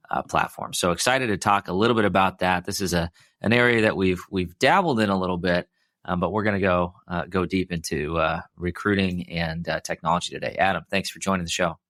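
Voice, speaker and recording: Deep-voiced Midwestern American podcast host. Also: male voice, fairly bright tone, no echo, clean studio sound. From Midwest US, Iowa. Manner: chatty, many fillers and restarts, laughs easily. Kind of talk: casual interview chat.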